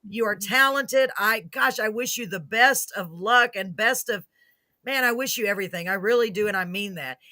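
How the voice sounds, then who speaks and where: A woman's voice: medium pitch, moderate pace, pushed and bright, no echo, clean studio sound. A woman hosting a live music show, chatting casually, gushing and laughing often as she rambles. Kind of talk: casual live-stream chat.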